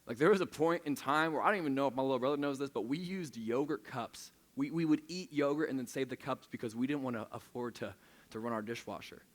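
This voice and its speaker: At a church service, this young preacher addresses the room in a casual, storytelling sermon full of self-mockery and restarted sentences. He speaks at a quick pace in a mid-range voice.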